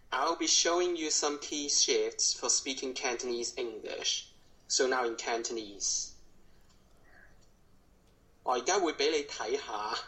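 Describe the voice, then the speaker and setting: A man tutoring a student through a lesson, taking his time and pronouncing each phrase deliberately before saying it again. His pace is unhurried and measured, and his pitch is mid-range. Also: pushed and bright, low-quality recording. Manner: slow, careful, repeats each phrase. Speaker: Cantonese tutor. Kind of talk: language lesson.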